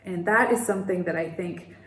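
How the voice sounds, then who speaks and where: A woman speaks fairly quickly in a lowish voice as she hosts a casual knitting video chat podcast from home, rambling a little with fillers and occasional laughter. The recording is echoey, with a little hiss or hum.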